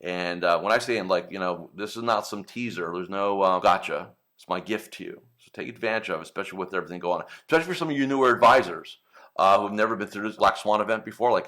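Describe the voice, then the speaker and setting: A man with a fairly low voice talks through advice to financial advisors in a loose, conversational coaching style. He checks in with his listeners often and slips into quick acted snippets of client calls. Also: bright, forceful tone. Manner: conversational, frequent "right?" and "okay?" tags, acts out client calls. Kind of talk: casual coaching talk to camera.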